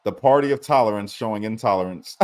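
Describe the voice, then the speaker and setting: A man's voice: lowish voice, fast talker, darkish tone. A man hosting a podcast, tired, telling a story in casual chat and swearing freely. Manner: swearing, laid-back storyteller. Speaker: podcast host.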